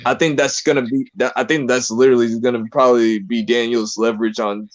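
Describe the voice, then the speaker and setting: Casual podcast co-host, man, mid pitch, rambling delivery. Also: steady tone, fairly quick, dry recording, muffled recording. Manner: rambling, filler-heavy, acts out quotes. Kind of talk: casual chat.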